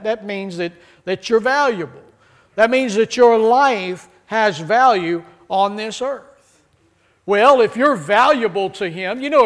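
Male pastor, high voice, humorous sermon, call-and-response with the congregation. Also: a bit bright.

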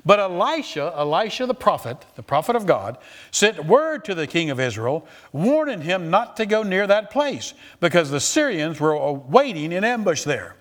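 A man with a high voice preaches at a normal speed, reading scripture aloud and voicing the quoted characters. He's animated and repeats phrases over and over.

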